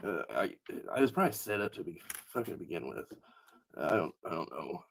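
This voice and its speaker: A man's voice: sits low, sing-song, a little fast, a little hiss or hum. A man chatting bluntly on a livestream, swearing often and restarting his sentences. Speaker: livestream co-host. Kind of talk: casual livestream chat.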